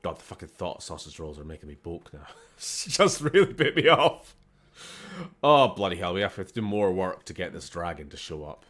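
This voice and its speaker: A man's voice: sits low, lively intonation, normal speed, a bit bright. A Scottish man chatting casually and playfully while streaming a game, swearing freely and cracking jokes.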